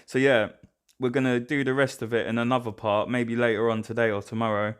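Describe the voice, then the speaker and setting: Rambling young man, smooth voice. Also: mid-range voice, little pitch movement, fairly quick. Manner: rambling, hesitant, many fillers and restarts. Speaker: reaction video host. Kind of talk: casual reaction commentary.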